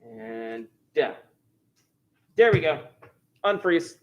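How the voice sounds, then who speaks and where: A man's voice: medium pitch, normal speed, lo-fi sound, a little hiss or hum. A man teaching a math review lesson, chatty and jokey, thinking aloud as he works through problems. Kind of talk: recorded class review lesson.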